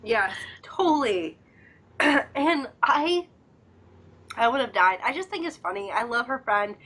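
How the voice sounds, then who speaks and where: A woman's voice: on the high side, expressive, a little slow, fairly bright tone, slightly rough. A young woman co-hosting a casual drama discussion, chatty and giggly, acting out scenes in quoted voices. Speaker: co-host of a drama discussion channel. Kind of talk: casual chat.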